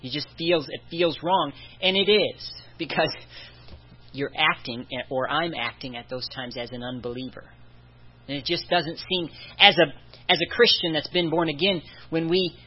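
A man's voice: on the high side, breathy edge. A man preaching a sermon in an earnest way, repeating phrases for emphasis. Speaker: pastor. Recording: dull lo-fi sound.

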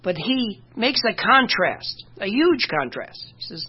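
A Bible teacher talks through scripture in a loose, conversational way, often leaning on "you know" and stopping to find the right verse. The voice is husky and a little breathy. It comes through a dull, lo-fi recording. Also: medium pitch, very animated, measured pace. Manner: informal, many "you know" fillers, stops to check verses.

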